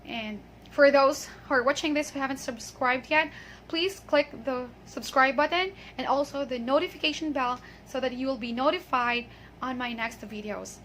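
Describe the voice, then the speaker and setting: A woman's voice: sits high, moderate pace, a bit bright, a little hiss or hum. A woman teaching pronunciation in an online lesson, patient and encouraging, often checking in with "okay". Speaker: English teacher.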